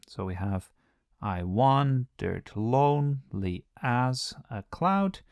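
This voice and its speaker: Low-ish guy teaching poetry, laid back, lots of uhs, dry close mic. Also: no room sound. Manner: relaxed, conversational, frequent "uh" fillers. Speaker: literature teacher. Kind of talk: explanatory lesson.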